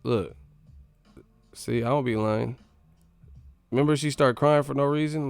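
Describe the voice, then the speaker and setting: Gravelly, animated man ranting. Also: mid-range voice, unhurried, no echo, soft background music. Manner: animated, profane, rambling. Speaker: boxing channel host. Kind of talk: live-stream commentary.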